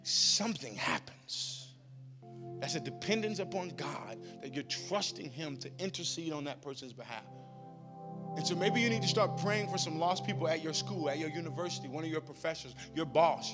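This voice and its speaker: A man preaching a sermon as pastor, with rhythmic, repetitive phrasing that builds in emphasis. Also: on the high side. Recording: long hall reverb with music behind.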